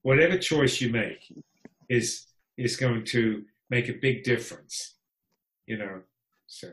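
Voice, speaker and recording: A man's voice: medium pitch, takes it slowly, fairly bright tone. A man talking as a podcast guest in casual conversation, wry and frank, laughing often. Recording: echoey room.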